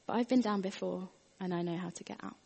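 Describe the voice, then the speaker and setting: A woman doing a calm, reassuring male friend. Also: mid-range voice, quick pace, gravelly, slightly rough, long reverb tail. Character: calm man friend who helps.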